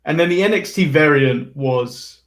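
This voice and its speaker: A young man hosting a wrestling podcast in casual chat, relaxed and chuckling. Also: fairly high pitch, normal speed, roomy sound, a crowd in the background. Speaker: podcast host.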